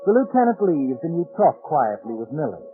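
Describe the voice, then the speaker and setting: A mocking, all-knowing narrator. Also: male voice, fairly high pitch, sing-song. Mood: taunting. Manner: taunting, measured, addresses the listener as you. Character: sinister all-knowing male narrator addressing a killer. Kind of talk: 1940s radio acting. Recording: tinny 1940s radio broadcast over music.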